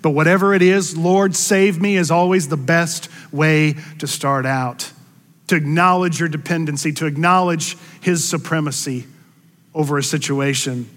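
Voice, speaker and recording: Preaching man in a reverberant hall. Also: moderate pace. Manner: expressive, rises in pitch and volume for quoted words. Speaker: pastor. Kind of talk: sermon.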